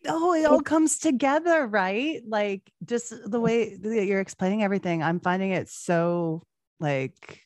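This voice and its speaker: A woman's voice: medium pitch, unhurried, no room sound, studio quality. A woman hosting an interview, responding with brief encouraging remarks. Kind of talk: casual interview chat.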